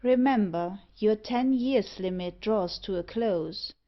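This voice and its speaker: A woman's voice: medium pitch, slow, highs cut off, lightly acted. A woman reading the part of a sinister, demonic man in a black cloak, speaking in a cold, peremptory, scornful way. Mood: commanding.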